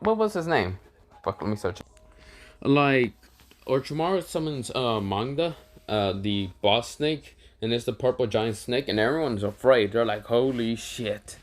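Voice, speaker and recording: Rambling man telling a fan story. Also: medium pitch. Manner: rambling, full of fillers and restarts, swears freely. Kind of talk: casual improvised fan-fiction narration.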